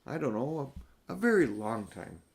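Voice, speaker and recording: A man's voice: mid-range voice, big pitch swings, moderate pace, vocal fry, slightly rough, exaggerated voice. An older man reading a storybook aloud, voicing a dreamy and sensible young girl in a raised voice. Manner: dreamy, then urgent and practical.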